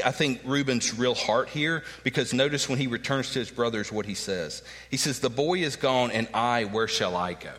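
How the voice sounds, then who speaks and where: A man's voice: mid-range voice, pushed and bright, in a large hall. A man preaching a sermon, emphatic and earnest, acting out the words of the people in his text. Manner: emphatic preaching, acts out quoted lines. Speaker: pastor.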